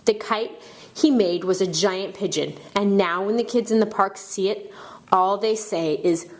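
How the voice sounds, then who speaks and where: A woman narrating a children's book aloud with expressive storytelling. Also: medium pitch, measured pace. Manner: expressive storytelling, shouting out characters' cries.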